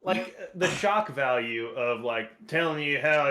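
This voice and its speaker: A man on a casual podcast, talking at a middle pitch in a measured, thoughtful way. His dry jokes land flat, and the room around him sounds echoey. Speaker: podcast co-host. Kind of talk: casual chat.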